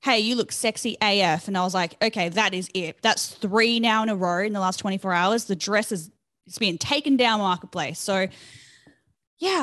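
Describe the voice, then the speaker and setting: A young woman hosting a podcast, telling a story in a chatty, animated way with lots of fillers. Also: mid-range voice, no echo. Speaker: podcast host. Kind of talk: casual chat.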